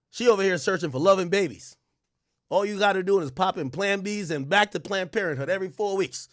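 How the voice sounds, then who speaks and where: A young man doing a livestream reaction, loud and profane, laughing and mocking as he reads texts aloud. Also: sits high, expressive, fast, no echo, clean studio sound. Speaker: streamer reacting to trial texts.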